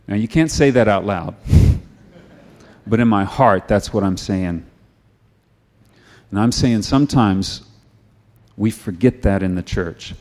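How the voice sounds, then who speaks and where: A man's voice: on the low side, takes it slowly, pauses often. Earnest, conversational middle-aged male preacher. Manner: conversational storytelling, then quiet earnest prayer. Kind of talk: sermon.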